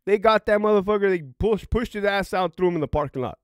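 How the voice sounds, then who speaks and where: A man's voice: on the high side, very animated, fast, few pauses, dry recording, clean studio sound. A middle-aged man, a former prison guard and veteran, telling stories in a profane, rambling, casual way. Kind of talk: casual vlog storytelling.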